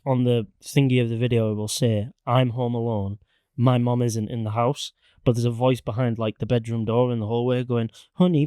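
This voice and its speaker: A man's voice: medium pitch, mellow, clear, resonant tone, no room sound, clean studio sound. A man co-hosting a podcast in casual chat, rambling through stories, swearing freely and laughing often. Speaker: podcast co-host.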